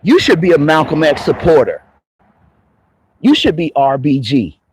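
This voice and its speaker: A man's voice: on the high side, very animated, unhurried, a little mellow, slight background noise. A man hosting a livestream, ranting combatively and mocking commenters with profanity. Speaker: livestream host. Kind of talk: heated livestream rant to chat.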